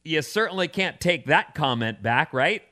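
A man's voice: fairly high pitch, expressive, normal speed, bright, forceful tone. A man co-hosting a radio show, chatting casually and reading out offbeat news stories. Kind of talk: casual chat.

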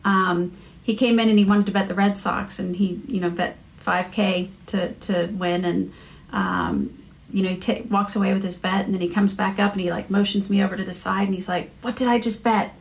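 A woman's voice: mid-range voice, level tone, normal speed, creaky. An American woman, a guest on a podcast interview, talking casually and telling anecdotes with many fillers and restarts. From United States. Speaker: marketing executive guest.

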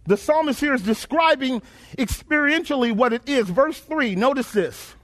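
A male preacher with an unusually high-pitched voice delivers an emphatic sermon. He keeps throwing questions back at the congregation and drives his points home by repeating phrases in rhythm. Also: expressive, normal speed, fairly bright tone. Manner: emphatic call-and-response questioning.

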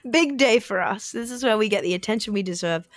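A woman co-hosts a podcast, telling a story in a chatty way and acting out what people said. Her medium-pitched voice runs a little fast, with no echo and studio-quality sound.

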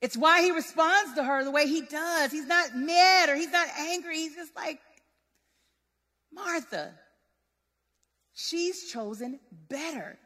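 A woman preaching a sermon in a lively, conversational, relatable way. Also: high voice, moderate pace, hardly any pauses. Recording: long hall reverb.

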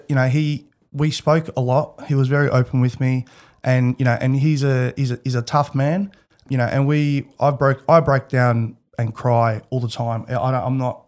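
As a guest on an interview, this Australian-accented man shares personal stories in a candid, lively way, laughing as he talks. His voice is mid-range and the tone is casual storytelling.

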